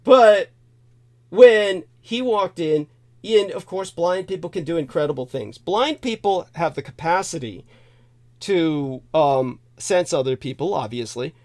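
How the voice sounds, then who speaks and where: Unhurried and a little mellow, this man's fairly high, lively voice carries a long, meandering story from his own life. As host, he circles back over the same points and laughs softly now and then while rambling on.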